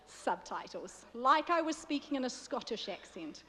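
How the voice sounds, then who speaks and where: A woman's voice: high-pitched, big pitch swings, normal speed, a bit bright, slight background noise. A woman with a New Zealand accent preaching a sermon, chatty and joking with the congregation. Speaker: guest preacher. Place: church. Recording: long reverb of a church hall.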